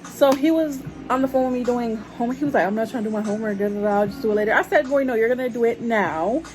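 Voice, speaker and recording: A woman's voice: a little high, racing, a little mellow, slight background noise, rough recording. A young woman chatting casually to her viewers about her life, calling them y'all. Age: young adult. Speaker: vlogger telling a story. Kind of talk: casual storytime chat.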